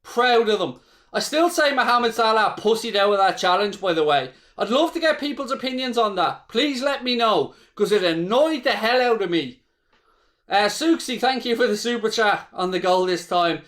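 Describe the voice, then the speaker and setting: An Irish man with a high, slightly bright voice speaks at a normal speed with lively intonation. He's hosting a live football watchalong, calling the play as a fan, swearing freely and chatting with viewers.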